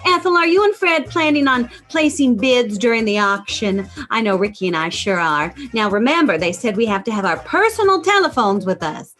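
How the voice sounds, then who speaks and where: A woman's voice: on the high side, animated, moderate pace, hardly any pauses, a bit bright, faint music behind. A woman playing a giddy, scatterbrained 1950s sitcom housewife, gushing and flustered in a comic bit. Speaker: comic performer at a fundraiser.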